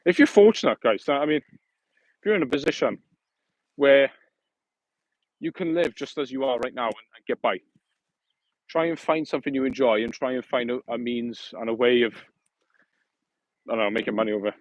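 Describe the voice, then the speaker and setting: A man's voice: mid-range voice, moderate pace, long pauses, dry recording, rough recording. A man hosting a casual livestream outdoors, rambling and correcting himself in a friendly, matey way. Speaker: livestream host.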